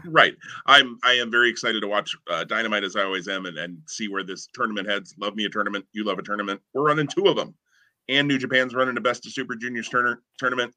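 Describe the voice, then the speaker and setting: A man's voice: lowish voice, fairly even intonation, fast, bright, forceful tone. A man co-hosting a podcast in casual chat, rambling and enthusiastic with lots of fillers. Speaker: podcast co-host.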